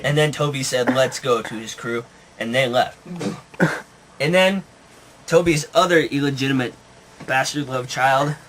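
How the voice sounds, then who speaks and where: A man improvising a puppet story, narrating deadpan and often laughing. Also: mid-range voice, unhurried, long pauses, slight background noise.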